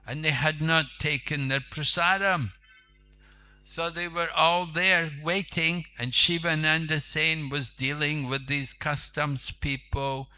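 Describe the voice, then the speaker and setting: A man preaching in a temple, telling a story in an unhurried, conversational way with asides to his listeners. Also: on the high side, pushed and bright. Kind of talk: sermon storytelling.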